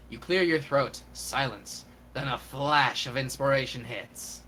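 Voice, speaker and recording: A streamer reading a game's narration aloud in a lively live stream, with comic emphasis. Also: medium pitch, measured pace, a little hiss or hum.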